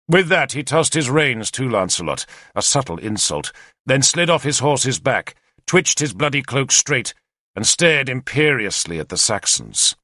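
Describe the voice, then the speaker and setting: A male audiobook narrator tells the story in the first person with a very animated, rising and falling delivery. His voice is bright and forceful, recorded dry and close with no room sound. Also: medium pitch, measured pace, no echo. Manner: expressive, lively storytelling.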